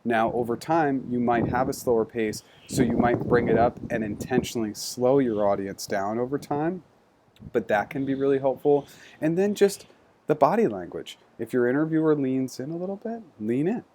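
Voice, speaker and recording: A man's voice: medium pitch, normal speed, noisy background. A man giving a structured, conversational lesson on job interview skills, walking through numbered points. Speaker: career coach. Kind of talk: instructional talk on interview skills.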